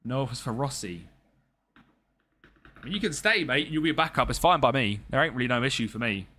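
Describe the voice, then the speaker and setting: Young male streamer, bright forward tone, banters with chat while managing a team live. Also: mid-range voice, expressive, brisk. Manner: chatty and jokey, talks to chat and game players. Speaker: game streamer. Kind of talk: live-stream game commentary chatting with viewers.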